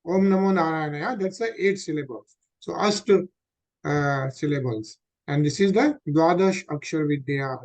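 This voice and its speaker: A man leads a scripture study over an online call, reading verses and then explaining them. His voice sits a bit high for a man, and he keeps asking the group questions and filling gaps with "uh". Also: a little slow, darkish tone. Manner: explanatory, asks the group questions, many fillers.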